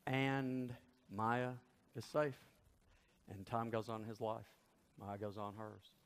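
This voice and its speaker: A male pastor preaching a sermon and telling a story in an animated way. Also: lowish voice, takes it slowly, clean tone. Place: large church. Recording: long reverb of a large church.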